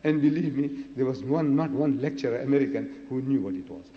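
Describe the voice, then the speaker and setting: A man's voice: mid-range voice, a little fast. A man giving a public religious lecture, emphatic and full of rhetorical questions, repeating his key words for effect. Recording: echoey lo-fi hall recording.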